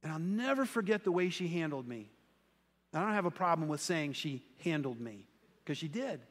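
A man's voice: on the high side, animated, normal speed, long reverb tail. A male pastor preaching a sermon in a conversational, self-deprecating storytelling manner.

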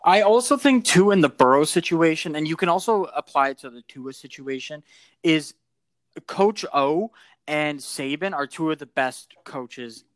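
Jokey, higher-voiced young male co-host. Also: moderate pace, dry recording. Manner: jokey, excitable, teasing. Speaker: podcast co-host. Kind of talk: casual sports chat.

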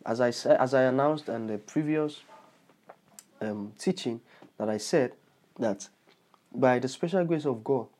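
This man speaks at medium pitch with a darkish tone, a little slowly and with long pauses. Preaching as a bishop on his podcast, he leads a prayer during an altar call, earnestly repeating phrases and crying out in praise.

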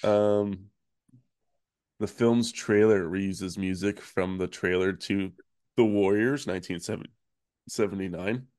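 Low-voiced man hosting a casual chat. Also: fairly even intonation, slow pace, dry recording, clean studio sound. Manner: laid-back, rambling with fillers and soft laughs. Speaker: podcast host.

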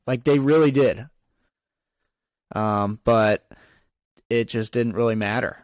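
Slow and darkish in tone, a man's mid-range voice carries a casual football chat on a podcast he co-hosts. He rambles, filling in with fillers and restarting often, and the recording has no room sound.

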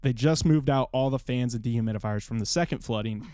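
A man's voice: medium pitch, fast, a little mellow, clear, resonant tone, dry recording, studio quality. A young man telling a story on a podcast in casual chat, swearing freely and acting out what others said in a raised voice. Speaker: podcast co-host.

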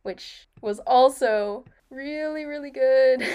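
A woman's voice: high voice, slow pace, mellow, clean tone. Chatty young woman, lots of laughter. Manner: chatty, laughs often, restarts and self-corrects. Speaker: podcast co-host. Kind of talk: casual book discussion.

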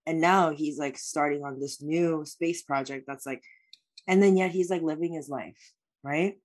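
A woman's voice: sits low, fairly even intonation, measured pace. A woman speaking as a life coach guest in an interview, answering in an earnest, reflective way with many "like" fillers.

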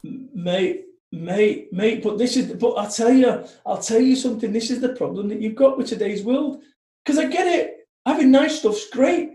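Bloke in his 40s, high but mellow voice, swears a lot, blunt, echoey room. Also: moderate pace. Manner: blunt, sweary, animated storytelling. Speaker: motivational speaker. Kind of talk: podcast conversation.

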